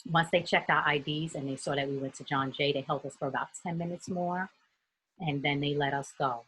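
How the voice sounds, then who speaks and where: A woman from New York, a youth mentor, telling a personal story in an earnest, steady way during a group discussion on a video call. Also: sits low, a little fast, a little hiss or hum, poor audio.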